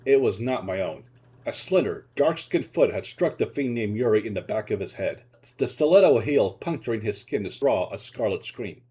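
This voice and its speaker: A man reading his own short story aloud in an expressive, dramatic narration. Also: fairly low pitch, moderate pace, slightly rough.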